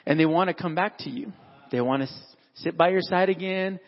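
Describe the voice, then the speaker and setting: A man with a high-sitting voice speaks briskly to fathers at church in a conversational, sermon-like talk. He acts out everyday dialogue with animated voices, and the recording is muffled, captured in a large hall.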